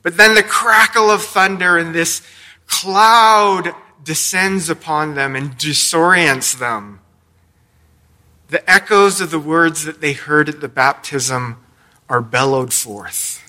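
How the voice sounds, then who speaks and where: Slow, bright-voiced male pastor preaching. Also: fairly high pitch. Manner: storytelling with playful asides. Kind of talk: sermon. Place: church sanctuary.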